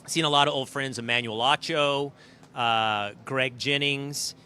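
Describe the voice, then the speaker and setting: A middle-aged man hosting a show, telling casual stories and previewing guests in an animated, emphatic way from a green room. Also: mid-range voice, measured pace. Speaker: show host. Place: green room at a live event.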